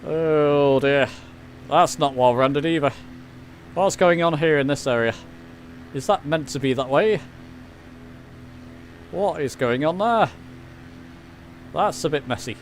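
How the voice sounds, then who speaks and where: A man's voice: fairly high pitch, takes it slowly, long pauses, slight background noise. A man with an English accent giving casual live commentary while flying a simulator, chatty and self-deprecating as he answers his chat. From England. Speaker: flight sim streamer.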